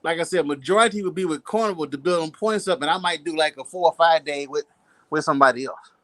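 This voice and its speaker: Male show guest, easygoing, slightly high voice, dry recording. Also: fast, fairly bright tone, no echo. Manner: easygoing and friendly. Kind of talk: casual chat.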